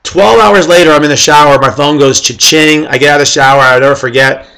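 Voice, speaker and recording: A man telling his team casual, animated stories about recruiting people, acting out the conversations and speaking to his listeners directly. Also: fairly high pitch, fast, vocal fry. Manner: animated, acts out quoted conversations; addresses listeners directly with "okay?" and "guys". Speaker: network marketing team leader.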